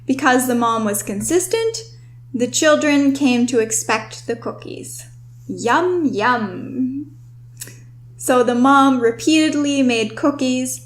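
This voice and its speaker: The key terms get extra stress as this young woman slows down while teaching a scripted vocabulary lesson. She's a host and writing tutor with a fairly high voice, and she explains every word in a clear, instructive way.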